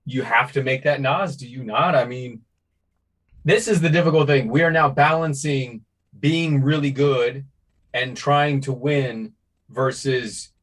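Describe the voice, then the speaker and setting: Laid-back man in a mid-pitched voice. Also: fairly bright tone. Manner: laid-back, rambling, with many restarts. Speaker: podcast co-host. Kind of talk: casual sports podcast chat.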